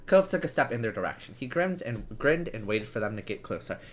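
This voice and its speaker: Lively storyteller narrating an interactive story. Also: medium pitch, brisk. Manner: lively, laughing while reading. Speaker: storyteller host.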